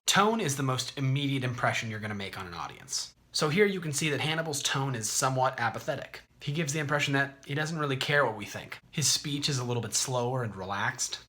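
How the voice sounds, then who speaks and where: A man hosting an explanatory video, talking in a conversational, clear way. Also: mid-range voice, pushed and bright. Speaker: host.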